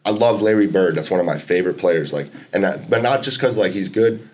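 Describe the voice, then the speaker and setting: A man's voice: low voice, fairly quick, darkish tone. A young man, a college basketball player chatting casually on a podcast, laid-back, swearing freely and laughing often. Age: 20s.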